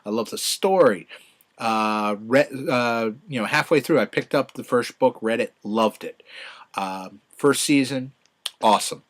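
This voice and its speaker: A middle-aged man giving a casual, rambling solo review, full of fillers and restarts, with sudden excited bursts. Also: mid-range voice, measured pace. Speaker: podcast host reviewing a TV show.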